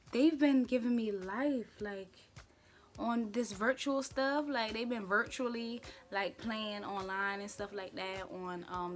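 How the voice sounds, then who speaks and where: A young woman, hosting her own casual talk show from home in a playful, opinionated, slangy way. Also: medium pitch. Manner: chatty, playful and opinionated, with slang and filler words. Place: room at home.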